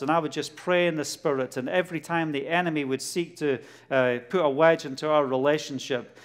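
A middle-aged man with a Glasgow Scottish accent gives a testimony sermon, telling a story with lively bursts and acting out dialogue. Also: a little high. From Scotland. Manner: animated storytelling, laughs often, acts out dialogue. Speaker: preacher.

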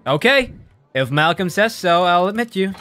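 A man's voice: high-pitched, expressive, moderate pace, pushed and bright, soft background music. A man streaming a video game, laughing often and reading the game text aloud.

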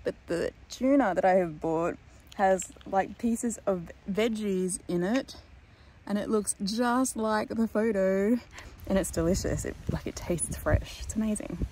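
A woman's voice: mid-range voice, a little slow, dark tone, slight background noise. A young woman vlogging casually to a handheld camera, chatty and rambling, with lots of ums and likes and frequent laughs. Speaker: long-distance walker and vlogger. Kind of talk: casual vlog chat to camera.

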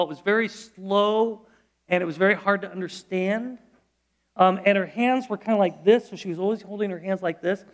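A middle-aged male pastor preaching a sermon in church, conversational and storytelling, with frequent restarts. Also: high-pitched.

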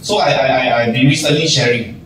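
Animated man in echoey room. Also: mid-range voice, a little fast. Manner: animated, acts out little scenes with laughs. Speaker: general manager giving a talk to staff. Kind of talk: casual motivational talk. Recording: echoey room, distant mic, noisy.

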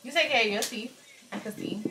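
A young woman chatting as a guest on a vlog, teasing and playful in a relaxed way. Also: fairly high pitch, fast talker, vocal fry, noisy background. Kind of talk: casual on-camera chat. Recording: music playing behind.

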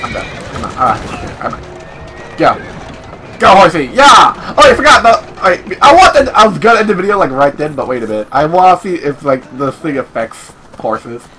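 A young man giving casual, excitable, swearing commentary on his video game play. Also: on the high side, fairly quick. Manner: excitable, swearing, talks to himself. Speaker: gameplay commentator. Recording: game music playing underneath.

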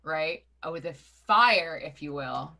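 A young woman playing a tabletop role-playing game, talking in a giggly, slangy, excited way. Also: low-pitched, a little slow, gravelly, a crowd in the background. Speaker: player.

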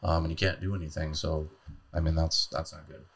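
A man with a low, gravelly voice, a sheriff talking as a guest on a podcast. He speaks in a measured, plain-spoken way, with some grit in his tone. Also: level tone, a crowd in the background. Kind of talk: casual chat.

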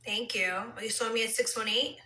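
A woman chatting casually on a live stream, reading comments, drifting into soft whispers and heated rants. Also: on the high side, fairly even intonation, brisk, echoey room, low-quality recording. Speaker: reality TV personality on a live stream. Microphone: phone.

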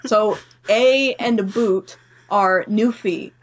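A young Canadian woman appears as a podcast guest, talking slowly in a mid-range voice, candid and freely swearing as she voices the people in her stories. The audio is slightly dull with a bit of background noise.

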